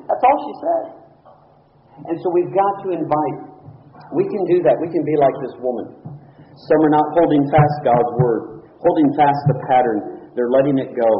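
A middle-aged man preaching a sermon in a church, earnest and rising to emphatic peaks. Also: a little high. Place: church building. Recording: echoey, phone-like thin sound.

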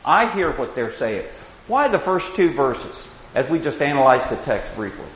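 A man in his sixties teaching a Bible class with anecdotes, animated, chuckling and repeating words as he starts sentences. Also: medium pitch, moderate pace, slight background noise. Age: 60s. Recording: echoey hall, dull lo-fi sound.

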